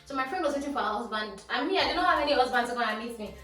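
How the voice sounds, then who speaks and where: A young woman with a Nigerian accent telling a storytime vlog in a lively, animated way, dropping Pidgin phrases. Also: a little high, very fast. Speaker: vlogger. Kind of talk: casual storytime. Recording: echoey room, voice from a distance, faint music.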